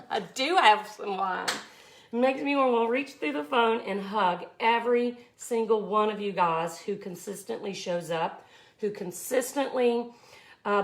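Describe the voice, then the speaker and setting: A woman, chatting effusively as she teaches a live glass art tutorial. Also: medium pitch. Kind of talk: casual live tutorial chat.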